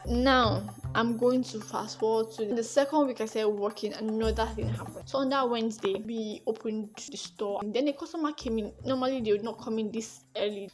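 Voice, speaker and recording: A young woman with a Nigerian accent tells a story to her camera in a casual, chatty way. Her voice sits a little high, and she slips into the voices of the people she describes as she goes. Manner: lively, acts out the dialogue she recalls. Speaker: vlogger.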